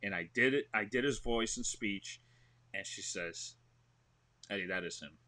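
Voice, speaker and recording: A man's voice: lowish voice, a little slow. A man with a New York accent, a guest actor telling stories in a casual podcast interview and acting out what he describes. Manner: animated storyteller, acts out what he describes.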